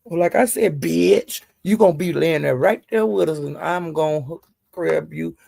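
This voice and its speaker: A woman's voice: low voice, gravelly, warm tone, no room sound. A woman hosting a live stream, ranting and cursing heatedly at someone while chatting with viewers. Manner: cursing, heated, drawn-out insults. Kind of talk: angry profane rant to viewers.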